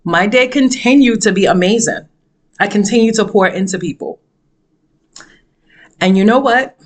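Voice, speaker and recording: A woman tells a personal story with lively energy, her voice leaping high for emphasis and dropping low to drive a point home. She repeats phrases in a preachy, motivational way. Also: moderate pace. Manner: animated, dramatic storytelling with sudden pitch jumps; emphatic, preachy delivery with repetition. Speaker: motivational speaker. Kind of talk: storytelling monologue.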